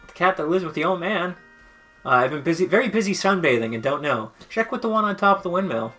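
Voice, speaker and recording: A man's voice: expressive, fast talker, pushed and bright, faint music behind. A man reading as a lazy, aloof house cat. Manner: reads game dialogue aloud in a high playful voice.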